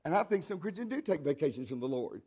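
A man's voice: a little high, big pitch swings, fast, dark tone, breathy edge. An older man preaching a folksy, conversational sermon to his congregation, with chatty asides and frequent restarts.

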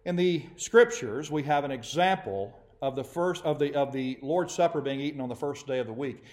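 A man preaching a sermon to his congregation, animated and acting out quoted voices. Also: mid-range voice, moderate pace. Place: church assembly.

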